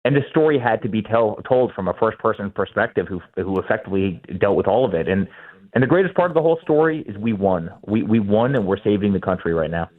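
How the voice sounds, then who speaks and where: A man's voice: on the low side, expressive, fast. A man in his forties, the guest in an interview, speaking emphatically and often repeating words as he starts sentences. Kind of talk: fast, heated interview talk. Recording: tinny phone-line sound.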